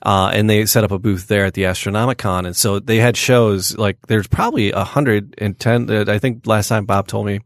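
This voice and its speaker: A man's voice: on the low side, fairly even intonation, brisk, few pauses, no echo. A man hosting a podcast, chatting casually in a studio, rambling with many fillers and restarts. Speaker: podcast host. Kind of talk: casual chat.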